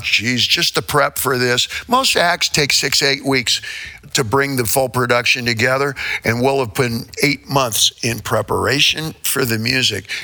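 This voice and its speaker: Theatrical older man with a bright voice. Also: medium pitch. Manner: theatrical, jokey, prone to laughing asides. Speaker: performing musician. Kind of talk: rambling interview anecdotes.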